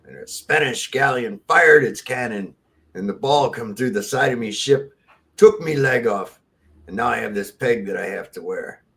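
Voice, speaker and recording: A man voicing a gruff old pirate with growling pirate talk in a joke. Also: medium pitch, normal speed, pushed and bright. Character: gruff old one-legged male pirate.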